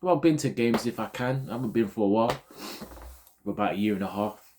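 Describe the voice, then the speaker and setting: Man from Ghana, football vlogger, lowish voice, casual digressive rant. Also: quick pace, noisy background. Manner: animated, digressive, repeats himself. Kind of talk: casual ranting commentary.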